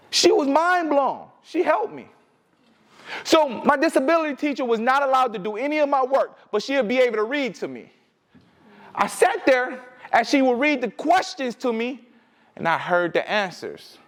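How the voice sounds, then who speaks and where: A young man from Detroit shares his life story as a motivational speaker. His voice sits high and moves all over the place, swinging from near-shouts to hushed asides. The delivery is emphatic and built to carry a crowd. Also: sing-song, normal speed. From Detroit, USA. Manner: emphatic, with dramatic swings between loud and hushed. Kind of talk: personal storytelling speech.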